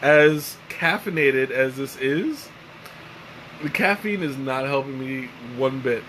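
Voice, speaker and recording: A tired, relaxed man hosting a live tea-tasting stream, chatting casually and rambling with lots of fillers and restarts. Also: mid-range voice, takes it slowly, a little hiss or hum, rough recording. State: tired and mellow. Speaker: tea livestream host.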